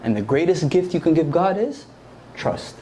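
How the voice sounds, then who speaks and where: At a church service, a young man gives a casual, slangy sermon to a youth group, talking conversationally and often quizzing his listeners. His slightly high voice is sing-song and mellow at a moderate pace, with a bit of background noise.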